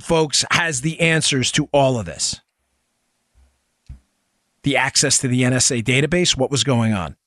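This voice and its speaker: A man's voice: on the high side, sharp tone, no echo, clean studio sound. A middle-aged man from New York hosting a political commentary podcast, emphatic and firing off rhetorical questions to his listeners. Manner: emphatic, fires rhetorical questions, talks to "folks". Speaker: podcast host.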